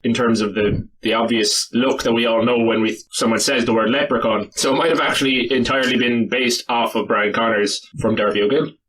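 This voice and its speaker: Teasing young Irish podcast host. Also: male voice, medium pitch, fairly even intonation, fairly quick, few pauses, fairly bright tone, poor audio. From Ireland. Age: young adult. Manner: teasing, dry jokes. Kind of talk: casual chat.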